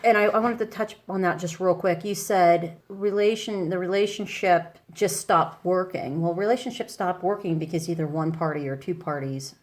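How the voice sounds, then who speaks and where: A woman hosting a casual talk show, telling a story with lively acted-out quotes. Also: lowish voice, normal speed, hardly any pauses. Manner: animated, acts out quoted voices. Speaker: podcast host.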